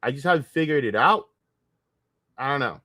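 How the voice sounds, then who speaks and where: A man's voice: medium pitch, animated, moderate pace, bright, forceful tone, dry recording, clean studio sound. A man streaming alone, rambling in casual talk with a lot of swearing, trailing off and laughing to himself. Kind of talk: casual solo livestream rant.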